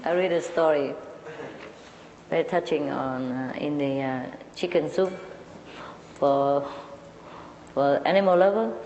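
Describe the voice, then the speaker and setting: A woman's voice: deep voice, a little slow, long pauses, a little mellow, big-room sound, dull audio, slight background noise. A woman casually telling an anecdote in a chatty way, laughing often and restarting her phrases.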